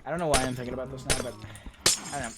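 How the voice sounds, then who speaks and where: A young man talks loosely through a gaming stream, drifting from one random tangent to the next. His tone is casual and self-mocking, at a middling pitch. Loud game sounds run underneath his voice. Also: steady tone, very fast. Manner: rambling, tangent-prone, self-deprecating. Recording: loud game noise behind voice.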